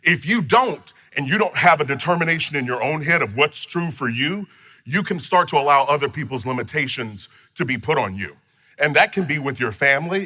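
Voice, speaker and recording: A man's voice: mid-range voice, sharp tone. A man teaching a personal finance course in an emphatic, storytelling way with playful asides. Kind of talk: motivational teaching talk.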